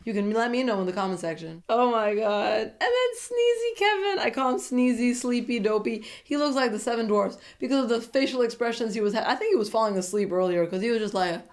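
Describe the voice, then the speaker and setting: A woman's voice: a little high, quick pace, few pauses. Chatty opinionated woman vlogger. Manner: chatty and opinionated, jumps into playful character voices. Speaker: TV show recap vlogger. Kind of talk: casual commentary monologue.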